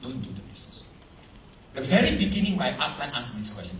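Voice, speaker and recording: A man giving a seminar talk to a live audience, animated, quizzing the crowd, in broken English phrasing. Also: medium pitch, fast, reverberant, far from the mic, a little hiss or hum, rough recording. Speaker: motivational speaker at a business seminar.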